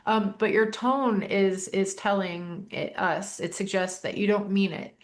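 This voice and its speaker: A woman's voice: mid-range voice, steady tone, measured pace. A woman life coach hosting an easygoing talk about communication, acting out short quoted voices as she explains. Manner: acts out quoted voices, restarts often. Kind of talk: casual educational chat.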